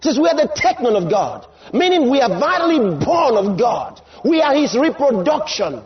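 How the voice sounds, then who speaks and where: A preacher man with a very high voice that swings widely in pitch, repeating lines for effect and building to shouts. The recording is slightly dull, with faint room noise behind him. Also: very animated, normal speed. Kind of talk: sermon.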